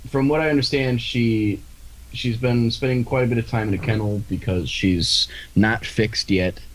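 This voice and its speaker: A man's voice: medium pitch, steady tone, normal speed, low-quality recording. A man co-hosting a podcast in casual chat, talking in a rambling, hesitant way with frequent restarts and the odd swear word. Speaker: podcast co-host.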